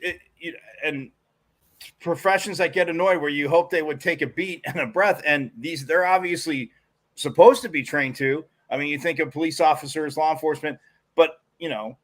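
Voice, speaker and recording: A man co-hosts a live sports talk show, and his voice sits a little higher than most men's. He talks in a rambling, animated way, piling up restarts as he tells his stories. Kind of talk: casual sports talk commentary.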